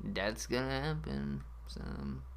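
A man commentating his own gameplay in an excitable way, shouting at enemies and ranting with mock-censored beeps. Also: fairly low pitch, slow pace, gravelly, smooth. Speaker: let's play gamer.

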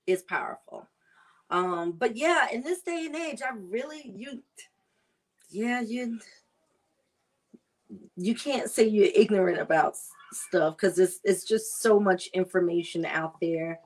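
A woman food vlogger chatting casually while she prepares and tastes seafood, savoring and drawn-out in her talk. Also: mid-range voice, animated. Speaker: cooking vlogger. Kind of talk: casual chat while cooking.

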